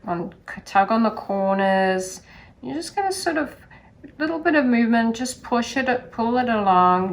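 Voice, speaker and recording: A woman calmly walking through a sewing demonstration step by step, in a gentle sing-song teaching manner. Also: mid-range voice, a little hiss or hum. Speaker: sewing instructor.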